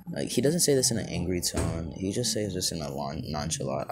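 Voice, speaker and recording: A man's voice: low-pitched, expressive, normal speed, over music. A young man casually narrating an improvised fan story, rambling, with many fillers and self-corrections.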